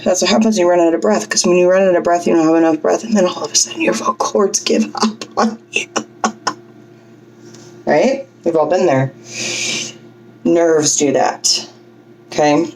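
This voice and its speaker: Low-voiced chatty woman teaching singing. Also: moderate pace, darkish tone, slight background noise, low-quality recording. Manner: chatty, checks in with 'okay?' and 'right?'. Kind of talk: casual spoken lesson.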